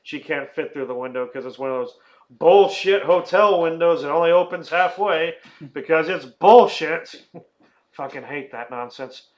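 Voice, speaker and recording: A man's voice: on the high side, measured pace, rough recording. A man hosting a casual movie-review podcast, rambling and swearing, often laughing and acting out silly quotes. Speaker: podcast host.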